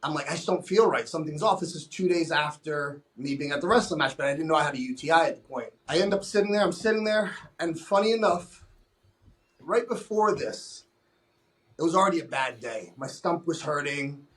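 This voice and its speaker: A man's voice: fairly high pitch, lively intonation, fairly quick, a bit bright. Blunt, profane man telling his story. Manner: blunt and profane, with many restarts. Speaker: podcast guest. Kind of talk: candid storytelling in conversation.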